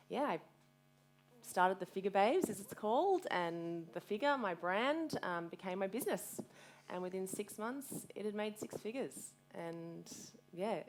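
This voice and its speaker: A woman in her thirties, a guest speaker telling her story frankly and with energy at a live community event, swearing freely and quoting herself. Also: fairly low pitch. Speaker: guest speaker, fitness business owner.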